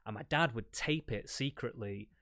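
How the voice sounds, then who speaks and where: Relaxed swearing Englishman, dry close sound. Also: medium pitch, normal speed, no echo. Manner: relaxed, swears casually, laughs often. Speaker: debate guest. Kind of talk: casual chat.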